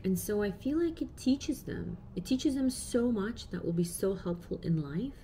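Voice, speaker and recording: A woman's voice: mid-range voice, expressive, normal speed, warm tone, a little hiss or hum. A woman in her thirties, a parent vlogger talking casually and reflectively to camera with many fillers.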